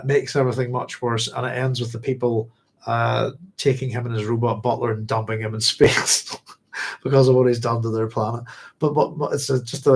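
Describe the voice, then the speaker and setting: Male host, casual chatty rambler who laughs often, middle pitch. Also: darkish tone, rough recording. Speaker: book club host. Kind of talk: casual book talk.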